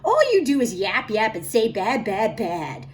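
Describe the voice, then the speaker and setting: A woman's voice: huge pitch swings, a little slow, slight background noise. Woman playing a stubborn greedy factory man in a storybook, defiant, swooping delivery. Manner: blustering, defiant, lowered pitch.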